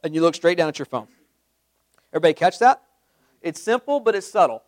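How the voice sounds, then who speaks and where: A man giving a live sales training talk to a group, energetic, quizzing the room with questions and acting out sample calls. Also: a little high, a little fast, no echo. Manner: acts out sample phone calls.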